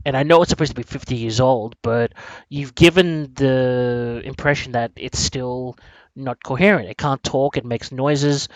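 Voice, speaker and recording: A man's voice: mid-range voice, no room sound, poor audio. Guy rambling on in a chat, lots of restarts, dry close sound, mid voice. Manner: rambling, animated, many restarts and swearing. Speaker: podcast co-host. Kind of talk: casual chat.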